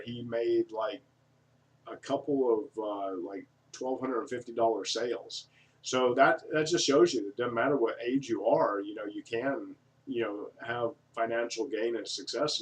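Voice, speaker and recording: A man vlogging in a casual, digressive monologue, folksy and full of fillers. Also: medium pitch. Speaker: vlogger reviewing an online business offer. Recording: voice from a distance from the mic.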